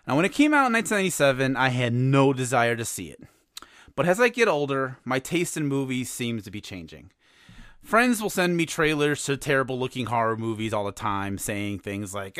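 A man's voice: mid-range voice, sing-song, brisk, fairly bright tone, dry recording, studio quality. A middle-aged man hosting a movie podcast, reading a scripted monologue in a wry, self-mocking way. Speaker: podcast host.

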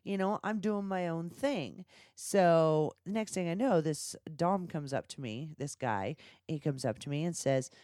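A woman's voice: deep voice, unhurried, warm tone, dry recording, studio quality. A woman hosting a podcast, telling frank, bawdy stories in a crude casual chat and laughing often. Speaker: podcast host.

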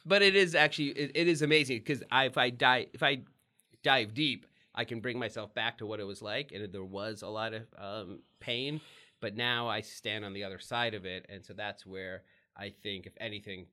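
A middle-aged American man, a guest telling candid personal stories in an animated way, laughing often and restarting his sentences. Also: on the low side, moderate pace. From United States.

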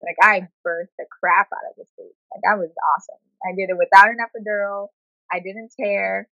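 A woman speaking frankly in a conversational interview, telling her story with animated quoted asides. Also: mid-range voice, brisk, vocal fry, no echo, highs cut off. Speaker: guest sharing her experience.

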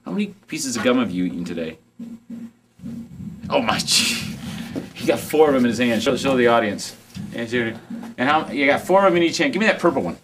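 A man's voice: medium pitch, lively intonation, brisk, pauses often, background noise. A man hosting a casual local show from his music store, joking and rambling as he talks. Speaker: host and music store owner.

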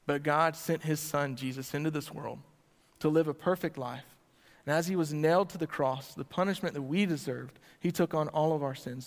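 A male pastor preaching to a church congregation, asking them direct questions and swinging between loud emphasis and quiet lines. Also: fairly high pitch. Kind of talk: sermon. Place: church sanctuary before a congregation. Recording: long hall reverb.

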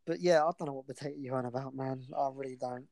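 A man's voice: medium pitch, fast, vocal fry, a crowd in the background, poor audio. A man co-hosting a casual chat, rambling and effusive, easily going off on tangents. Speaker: podcast co-host.

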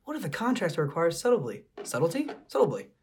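Refined female assassin, stern and lecturing, husky tone, voiced by a man. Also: fairly high pitch, huge pitch swings, fast talker, darkish tone, pitched above the performer's own voice, heavily acted. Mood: scolding. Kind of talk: casual podcast read-through.

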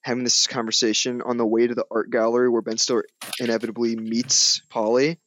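A man's voice: medium pitch, flat delivery, a little fast, a bit bright, slight background noise. A young man co-hosting a casual movie review chat, rambling and amused, with lots of fillers as he retells scenes. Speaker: movie review podcast co-host.

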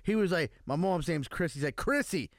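Male podcast co-host, higher voice, animated storyteller, dry close mic. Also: fairly quick, no room sound. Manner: animated storyteller, does voices of people in stories. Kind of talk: casual podcast banter and storytelling.

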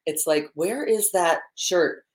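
A woman's voice: lowish voice, slow. A woman co-hosting a morning live stream in a bubbly, chatty way, laughing often, talking into a laptop microphone. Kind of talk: casual live-stream chat.

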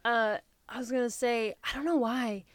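A woman's voice: a little high, moderate pace, dry recording. Bubbly woman hosting, dry close sound. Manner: laughs often, animated, lots of fillers. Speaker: podcast host. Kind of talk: casual chat.

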